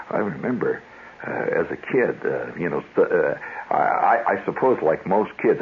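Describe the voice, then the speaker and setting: On a dull, lo-fi 1970s radio broadcast, a man with a low, husky voice hosts a show, delivering a rambling monologue of wry stories and often interrupting himself.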